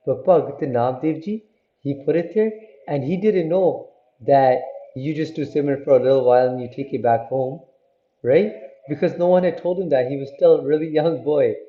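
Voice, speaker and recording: A man's voice: fairly high pitch, moderate pace. A man telling a religious story in a casual, conversational way, checking in with listeners as he goes. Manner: conversational, many fillers and "right?" check-ins. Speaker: storyteller for a Sikh teaching channel. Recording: roomy, dull lo-fi sound.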